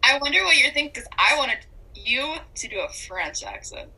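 A young woman co-hosting a podcast in casual chat, giggly and gushing with excitement. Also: high-pitched, moderate pace, slightly rough, poor audio. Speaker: podcast co-host.

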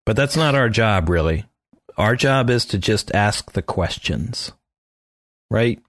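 Lively low-voiced man joking around. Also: slow, no echo, studio quality. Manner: playful, self-mocking, lively delivery. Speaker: podcast co-host. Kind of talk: casual chat.

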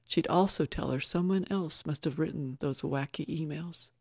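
A woman narrating a novel in a measured, even reading manner. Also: deep voice, no echo, clean studio sound. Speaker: audiobook narrator. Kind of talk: scripted narration.

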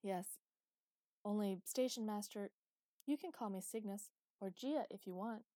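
A woman reading the part of a shy, polite young female space-station AI who talks quietly and formally. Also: medium pitch, a little slow, no room sound, studio quality, lightly acted.

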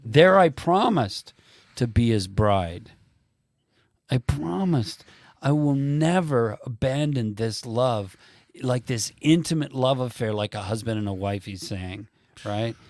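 A man's voice: medium pitch, darkish tone, no room sound. Man, podcast host, emphatic preacher-like delivery, dry sound. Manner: slow, emphatic, preacherly reading of quotes. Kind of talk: faith conversation.

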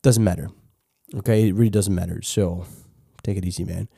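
A man with a French accent talks through a casual podcast monologue, relaxed and loose with his words, swearing now and then and circling back over half-finished phrases. His voice is mellow and warm. The recording is dry and close, with no room sound around him. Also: sits low, a little fast, creaky, breathy edge, no room sound. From France. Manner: laid-back, swears freely, frequent restarts. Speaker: podcast host.

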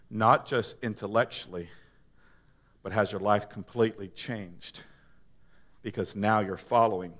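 A man preaching a sermon, emphatic, asking the congregation to answer back. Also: on the low side. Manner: call-and-response with congregation, emphatic, rising to loud.

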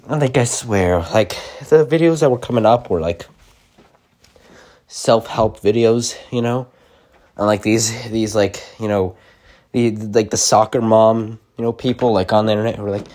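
A man's voice: on the low side, moderate pace, darkish tone. A young man rambling casually to camera, full of likes and restarts.

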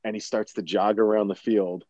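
Male co-host, animated storyteller, frequent laughs, dry slightly muffled sound. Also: lowish voice, normal speed, no echo. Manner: animated storyteller, laughs often, swears freely. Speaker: podcast co-host discussing a film. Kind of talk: casual chat. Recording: dry, slightly dull recording.

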